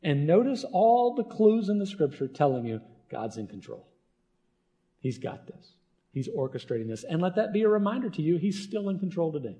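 A man's voice: high-pitched, sing-song, a little fast, hardly any pauses, warm tone. A man preaching a sermon as a pastor, earnest and conversational, often checking in with the congregation.

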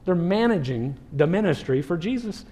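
A man who is a pastor preaching a sermon, animated, sometimes acting out what people in the story say. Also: sits high, normal speed. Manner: animated preaching, acts out quoted speech.

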